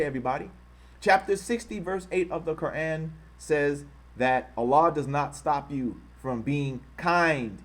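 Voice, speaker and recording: Fired up guy calling folks out, kinda high voice, keeps repeating himself. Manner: angry, insulting, repeats himself for emphasis; says he is trying to control his harsh speech. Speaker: channel host. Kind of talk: heated commentary reading quotes.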